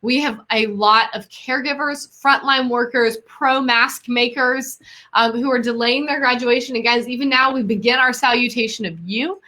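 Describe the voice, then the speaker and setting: A woman's voice: on the high side, moderate pace, bright, forceful tone. A woman teaching quilting online, giving an effusive, encouraging graduation speech to her students over a webcam. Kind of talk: live-streamed graduation address. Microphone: webcam, face to camera.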